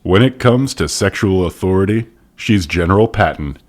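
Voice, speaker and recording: A man's voice: low voice, expressive, normal speed. A man co-hosting a podcast, reading book passages aloud with mock-seductive relish and chatting casually. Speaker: podcast co-host.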